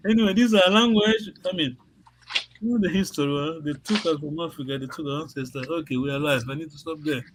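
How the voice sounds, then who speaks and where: A man teaching a language class on a video call, patient and halting, often repeating words and laughing. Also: a little high, noisy background.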